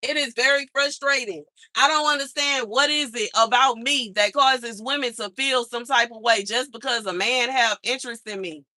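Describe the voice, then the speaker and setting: Woman ranting on a livestream, bright tense voice, dry close sound, keeps saying she's tired, slangy and fed up. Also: on the high side, normal speed, few pauses, no echo. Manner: exasperated venting, repeats herself, slangy. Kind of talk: casual livestream rant.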